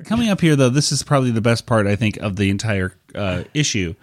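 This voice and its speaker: A man with a fairly low voice talks through a comic in a loose podcast chat. He pauses often with fillers, then picks the thread back up. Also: sing-song. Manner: hesitant, lots of fillers, reads out quotes. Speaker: podcast co-host. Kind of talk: casual chat reviewing a comic.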